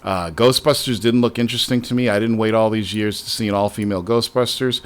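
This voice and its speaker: A man's voice: lowish voice, fairly even intonation, fast, clean tone. A man hosting a casual podcast, arguing bluntly and swearing often. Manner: blunt, profane, argumentative. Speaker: podcast host.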